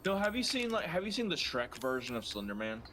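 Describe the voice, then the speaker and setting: High, lively man bantering on stream. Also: a little fast, crowd noise. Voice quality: animated storyteller, swearing, trailing off mid-sentence. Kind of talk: casual gaming stream banter.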